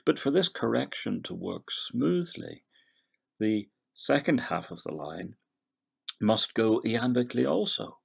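A middle-aged man, a literature professor giving a recorded poetry lecture in a measured, analytical way, trailing off softly at the ends of phrases. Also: lowish voice, creaky, slightly rough. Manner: scans verse syllable by syllable.

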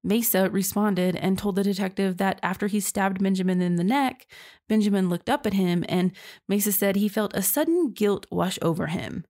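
Woman, true crime podcast host, chatty and expressive, casual narration. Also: mid-range voice, normal speed. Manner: chatty and expressive, addresses listeners as y'all.

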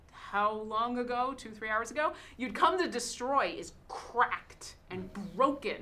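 Bright-voiced woman narrating a game. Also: mid-range voice. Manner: descriptive storytelling with fillers. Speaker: game master.

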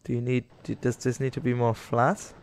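A man's voice: medium pitch, little pitch movement, moderate pace, darkish tone. A young man giving casual, rambling commentary over a game, talking to the animals on screen and getting exasperated with them. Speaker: gaming YouTuber.

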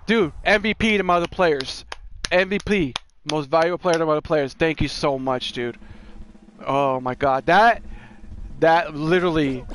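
A young man giving live gameplay commentary, excitable, swearing and shouting at his wins and losses. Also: a little high, moderate pace, a little hiss or hum. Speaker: gaming channel host.

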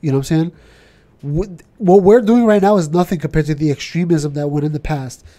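A man with a New York accent, co-hosting a podcast in casual chat and ranting with animated questions. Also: fairly high pitch, brisk. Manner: animated, ranting, keeps asking "you know what I'm saying". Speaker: podcast co-host.

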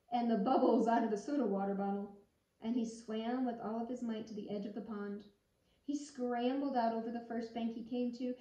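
A woman reads a picture book aloud with lively expression, her voice sitting high. The recording is dull and lo-fi, picked up from a distance in a roomy space. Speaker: children's storyteller.

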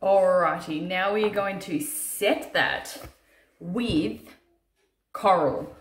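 Over loud music and a roomy echo, a tired woman with a lowish voice takes her time narrating a makeup tutorial. She's chatty and self-deprecating, dropping casual swears, worn out from too little sleep.

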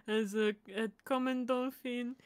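A woman's voice: a little high, darkish tone. A woman game master chatting casually after a session, laughing often and rattling off playful lists. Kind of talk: casual post-session chat. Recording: faint music behind the voice.

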